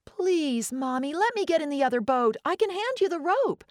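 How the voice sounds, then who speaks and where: A woman voicing a bossy, eager young girl who knows best, in a high, piping child voice. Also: sing-song, normal speed, dry recording, clean studio sound. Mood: pleading. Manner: pushy, eager and matter-of-fact. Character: young girl, bossy know-it-all daughter.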